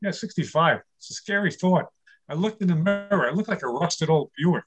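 A man's voice: on the high side, lively intonation, brisk, breathy edge. A man in his sixties from New York City doing a stand-up comedy set over a video call from his home studio, firing off one-liners and laughing at his own jokes. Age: 60s. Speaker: stand-up comic.

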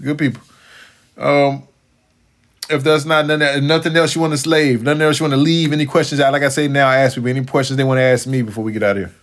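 A man hosting a casual interview podcast, joking and animated, laughing often and swearing freely. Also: mid-range voice, fast talker. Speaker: podcast host.

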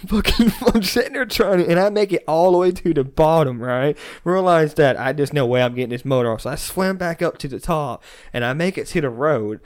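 A man's voice: a little high, brisk, few pauses, darkish tone, clean tone. A man telling a rambling drinking story in casual chat, laughing often and swearing a lot.

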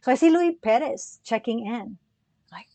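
A woman's voice: fairly high pitch, moderate pace, dry recording. A woman telling a personal story in a casual, rambling conversation on a podcast. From United States. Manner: animated, rambling with many restarts. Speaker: podcast co-host.

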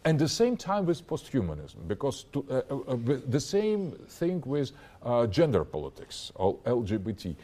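A man in an interview, speaking in a mellow, warm tone that rises and falls widely as he builds his argument step by step. He halts often to search for words and restarts phrases, with a lecturing manner. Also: mid-range voice, wildly swooping pitch, moderate pace. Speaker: interview guest. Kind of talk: interview, extended explanation.

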